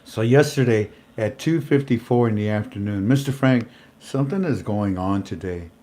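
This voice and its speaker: Excitable man repeating himself. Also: fairly low pitch, normal speed. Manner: animated, repeats words, chuckles often. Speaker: show host. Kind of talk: casual commentary.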